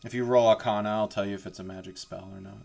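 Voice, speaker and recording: A man's voice: on the low side, steady tone, fast talker, creaky, darkish tone. A man running a live tabletop game as game master, narrating in a casual, rambling way full of fillers.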